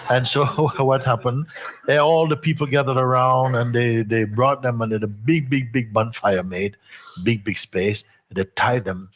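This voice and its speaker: A man giving a spiritual talk, telling a story in an unhurried, playful way. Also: lowish voice, husky. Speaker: spiritual teacher.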